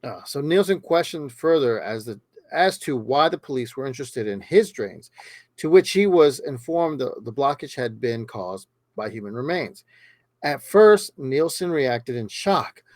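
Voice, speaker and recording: A man's voice: medium pitch, animated, measured pace, no echo. A man hosting a true crime podcast, reading the case aloud steadily with small stumbles and casual asides.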